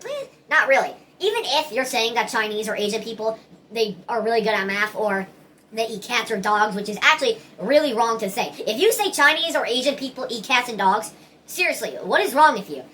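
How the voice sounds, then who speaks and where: Woman vlogging her opinions, kinda high bright voice, rambly and earnest, keeps restarting, faint hiss behind. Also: lively intonation, brisk. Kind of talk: casual opinion monologue.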